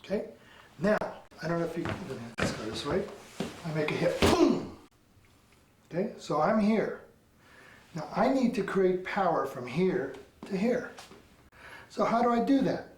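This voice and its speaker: Animated man teaching from across an echoey room. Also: moderate pace, long pauses, heavy background noise. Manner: animated, punctuates with sound effects like "boom" and "bang". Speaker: martial arts instructor. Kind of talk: instructional demonstration. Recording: echoey room, mic far off.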